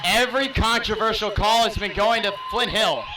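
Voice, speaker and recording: A man's voice: high voice, over loud music. A man calling a volleyball game play by play from a booth in a school gym, raising his voice as he loses it. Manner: rapid, raised play-by-play calling. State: losing his voice. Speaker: play-by-play announcer. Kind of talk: live sports commentary. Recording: distant mic, loud crowd noise. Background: loud cheering crowd.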